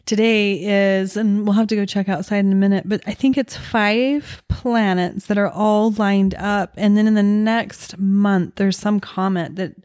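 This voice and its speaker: A middle-aged woman hosting a podcast and talking with her son in a warm, encouraging way. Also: mid-range voice, steady tone, unhurried, few pauses, dry recording, clean studio sound. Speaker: podcast host, mother. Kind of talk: casual chat.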